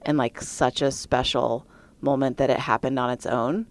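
A married woman telling a personal pregnancy story in a casual, animated way. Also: very deep voice, normal speed. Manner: animated, reenacts scenes with big voice jumps.

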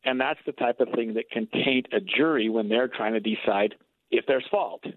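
A man speaks as a defense attorney over a tinny phone line. He explains each point in a measured, steady way. The sound is dry and narrow, with little room around it. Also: mid-range voice, dry recording. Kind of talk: phone-in interview.

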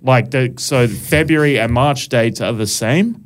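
A man hosting a casual podcast. He speaks at a middle pitch and keeps up dry, joking banter. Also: a little slow. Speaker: podcast host.

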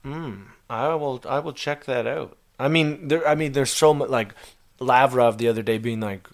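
A man's voice: medium pitch, moderate pace. A man hosting a podcast, talking casually and hesitantly, often trailing off and restarting his sentences. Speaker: podcast host. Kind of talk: casual conversation.

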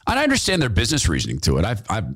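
Fervent male podcast host, lively pitch. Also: very fast, slightly rough. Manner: fervent, repetitive, preachy. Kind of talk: impassioned political commentary.

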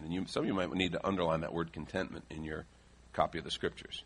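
Bright, husky-voiced man preaching. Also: sits low, quick pace. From Chicago area. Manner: animated preaching, reads scripture aloud, joking asides. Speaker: pastor. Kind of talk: sermon.

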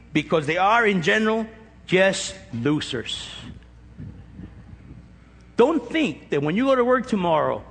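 High, husky preacher with an East LA accent. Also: male voice, a bit bright. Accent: East Los Angeles. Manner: emphatic and joking, counting through a numbered list. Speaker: pastor. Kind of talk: sermon. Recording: echoey hall with long reverb.

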